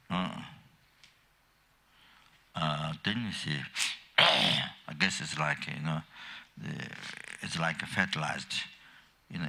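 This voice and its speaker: An older man gives a halting, meandering Dharma teaching, his very deep voice gravelly and husky yet edged with sharpness. He speaks slowly, trails off into fillers and restarts, and stops to cough often. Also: sharp tone. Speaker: Buddhist teacher.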